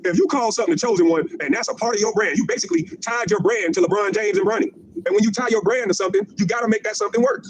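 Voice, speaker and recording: A man's voice: sits high, big pitch swings, racing, over a noisy crowd, low-quality recording. A middle-aged man delivering a profane, mocking livestream rant, repeating his jabs and laughing at them. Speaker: former pro basketball player ranting on a stream.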